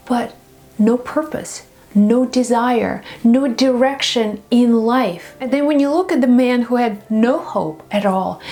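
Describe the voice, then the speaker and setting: Expressive woman spiritual teacher. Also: a little high. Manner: expressive, dips into whispers. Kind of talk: storytelling talk.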